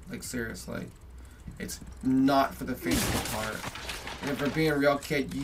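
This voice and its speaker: A young man giving profane commentary over a game, swearing constantly and yelling when startled. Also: medium pitch. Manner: swears constantly, yells when startled, rambling asides to viewers. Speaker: gameplay streamer. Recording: distant mic with clear background noise.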